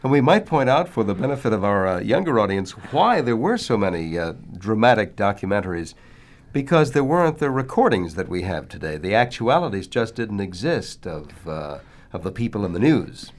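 A male host guiding an interview with measured questions. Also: fairly low pitch, sing-song.

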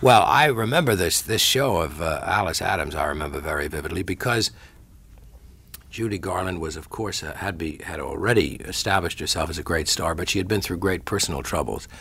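A man's voice: sits low, lively intonation, brisk, vocal fry, fairly bright tone, husky. An older man, a veteran radio actor, fondly reminiscing in an interview, rambling with restarts.

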